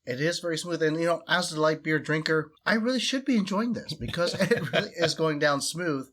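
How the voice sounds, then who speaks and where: A man's voice: on the high side, a little fast, a bit bright. Easygoing man co-hosting. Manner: easygoing, chatty. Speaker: beer review co-host. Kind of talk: casual chat.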